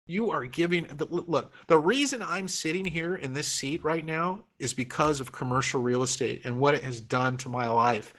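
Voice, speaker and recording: A man's voice: a little high, normal speed, few pauses, bright, forceful tone. A middle-aged man from Oregon teaching a real estate class online, coaxing students through the math with repeated, encouraging phrases.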